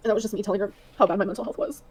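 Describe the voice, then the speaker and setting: A woman streamer talks very fast in a mellow, darker voice. She reads messages aloud in casual livestream talk, and her voice is played from a livestream clip. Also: medium pitch, steady tone, breathy edge. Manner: rapid, reading messages aloud.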